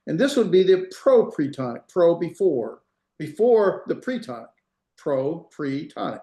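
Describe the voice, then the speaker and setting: Unhurried and dark-toned, with a fairly high pitch that swings widely, a Hebrew instructor lectures his class. He explains step by step, repeats examples, and makes sure students follow, all with roomy echo.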